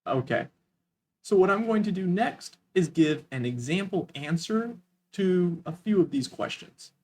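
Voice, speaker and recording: A young man explains English as a tutor, his voice sitting a little high and swinging widely up and down. He talks with deliberate pauses and expressive intonation. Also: breathy edge. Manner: expressive, deliberate pausing and rising-falling intonation. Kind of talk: online English lesson. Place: lives in Vietnam.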